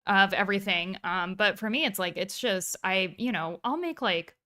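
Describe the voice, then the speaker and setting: Bright, smooth-voiced chatty woman streamer. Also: medium pitch, normal speed. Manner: animated, rambling, swears freely. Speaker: streamer and podcast co-host. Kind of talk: casual chat.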